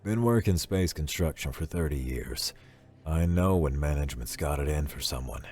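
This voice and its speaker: A man voicing a gruff, blunt human welder in his fifties who talks low and gives weary advice in a spoken story. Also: expressive, normal speed, darkish tone. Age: 50s.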